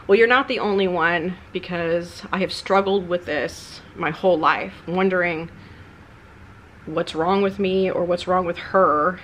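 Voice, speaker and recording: A woman's voice: fairly low pitch, fairly bright tone, slight background noise. A woman YouTuber talking candidly and a bit ramblingly in a personal vlog, her tone subdued and confessional.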